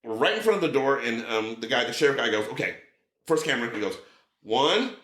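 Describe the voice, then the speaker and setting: A man guest on a chat podcast, telling an animated story, swearing freely and acting out the people in it. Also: medium pitch, a little fast, echoey room.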